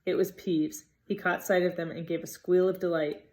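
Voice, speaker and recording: A woman reading a novel aloud in an expressive, dramatic way. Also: lowish voice, moderate pace. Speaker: reader.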